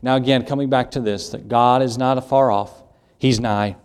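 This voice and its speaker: A man's voice: medium pitch, steady tone, normal speed, clean tone. A middle-aged man, the pastor, preaching an earnest evening sermon that repeats key lines and quotes Scripture, with homely asides.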